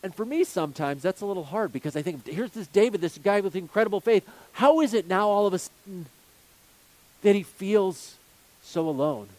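A man's voice: high-pitched, lively intonation, normal speed, a little mellow, no room sound. A male pastor preaching a sermon, earnest, building his points with repeated phrases and rhetorical questions.

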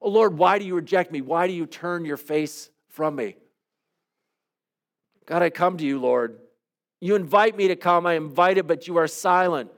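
A man leading a devotional, praying aloud in an earnest, pleading way with soft, hushed trailing endings, then teaching calmly. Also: a little high, normal speed. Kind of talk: reflective spoken prayer and teaching.

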